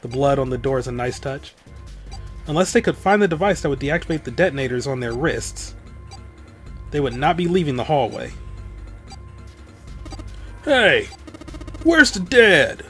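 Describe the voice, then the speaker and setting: A man's voice: medium pitch, fairly quick, faint music behind. A man hosting a let's play, reading a visual novel's text aloud in a dramatic voice and dropping in casual comments. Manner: dramatic read-aloud broken by offhand comments.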